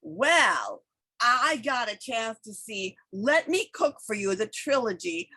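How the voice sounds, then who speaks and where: A woman's voice: a little high, big pitch swings, slow, bright, forceful tone, breathy edge. A woman hosting a theater show, reviewing a play and interviewing a guest in an enthusiastic, gushing way.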